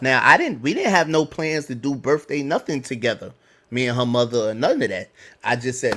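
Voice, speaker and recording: A middle-aged man on a podcast, telling a personal story in casual, slangy talk, animated and laughing along. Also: mid-range voice, normal speed. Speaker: podcast co-host.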